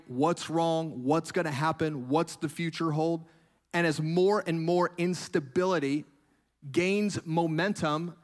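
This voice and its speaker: A man preaching a sermon in an earnest voice, building emphasis through repeated phrases. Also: high voice.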